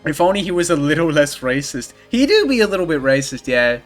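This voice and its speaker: Male streamer, higher-pitched, gushing and giggly; faint game music under the voice. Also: fairly quick. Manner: excitable, gushing, laughs often. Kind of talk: casual gameplay commentary.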